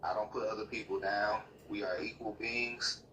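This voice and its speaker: A man's voice: lowish voice, steady tone, normal speed, sharp tone, far from the mic, a little hiss or hum. A machine-made male voice answering in stiff, formal, lecturing sentences, played back from a speaker across the room. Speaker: AI chatbot. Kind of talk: calm, formal replies. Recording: roomy speaker playback with faint TV.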